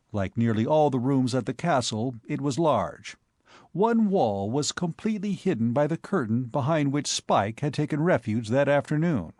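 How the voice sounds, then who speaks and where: A man narrating a comic novel as an audiobook, expressive and wry. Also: medium pitch, dry recording, studio quality. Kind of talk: scripted narration of comic fiction.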